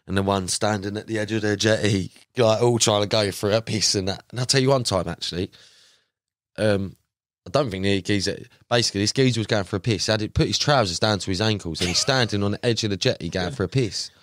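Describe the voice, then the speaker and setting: Young man, low voice, dry close sound, animated storyteller, slangy guest. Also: fast, dry recording. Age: young adult. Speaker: podcast guest, carp angler. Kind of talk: casual chat.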